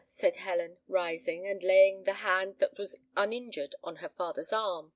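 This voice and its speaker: A woman narrating a story in a measured, gently expressive reading. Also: on the low side, dry recording. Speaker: audiobook reader. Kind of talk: scripted narration.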